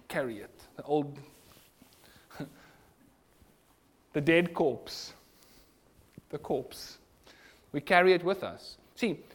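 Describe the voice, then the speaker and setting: A man preaching a sermon, earnest, moving between loud emphasis and hushed asides. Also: high-pitched.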